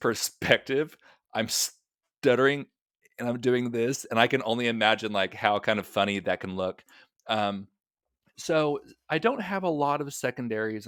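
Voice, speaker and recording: A man's voice: mid-range voice, a bit bright, smooth, dry recording, clean studio sound. A man who is a podcast guest, talking casually with a mild stutter, lots of "you know" and "like," and frequent laughter. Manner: mild stutter, many fillers, laughs easily. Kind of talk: casual interview chat.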